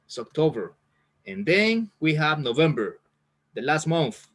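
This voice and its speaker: Man, English teacher on a video call, slow encouraging delivery, fairly high voice. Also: big pitch swings, a bit bright. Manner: slow, encouraging, repeats words for learners. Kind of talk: online class teaching.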